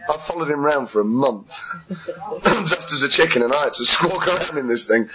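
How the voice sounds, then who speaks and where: A man's voice: fairly high pitch, expressive, normal speed, crowd noise. A man, a stand-up comedian, telling a funny story on a comedy panel and laughing often. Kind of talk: comic panel chat, anecdote. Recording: noisy live venue recording.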